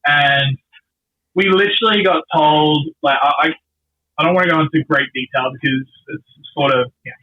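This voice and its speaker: A man's voice: fairly high pitch, a little hiss or hum. A middle-aged man, a wrestler, telling earnest, rambling stories in a casual podcast interview. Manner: rambling, earnest storytelling with many fillers. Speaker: guest wrestler. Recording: dull lo-fi sound.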